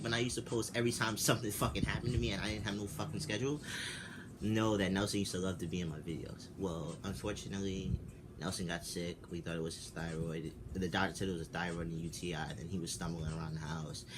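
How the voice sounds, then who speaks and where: A man in his twenties with a deep, low-pitched voice tells a personal story straight to camera in a casual vlog. He sounds like he has just woken up, rambles with restarts and swears freely. A steady background hum of ambience sits under the recording. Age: 20s. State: just woke up. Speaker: vlogger.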